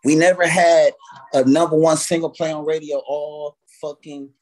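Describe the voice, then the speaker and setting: With a fairly high, flat, somewhat dark voice at normal speed, this American man appears as a guest artist in a casual interview. He recounts stories, cursing freely and reenacting his own past reactions.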